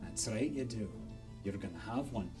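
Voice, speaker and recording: A man voicing a stern, gruff Scottish pub bartender who talks low and hushed, with menace. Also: expressive, normal speed, distant mic, music in the background, lightly acted. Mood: stern lecturing.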